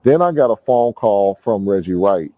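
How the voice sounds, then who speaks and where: A man recounting events in an interview clip, speaking in a measured, hesitant way with frequent ums. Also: on the low side, animated, no echo, highs cut off.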